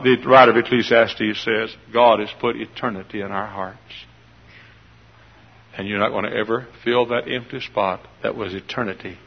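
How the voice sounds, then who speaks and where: Preacher guy, folksy sermon, raspy voice, dull old radio recording. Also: lowish voice. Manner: folksy, shouts and laughs, leads singing.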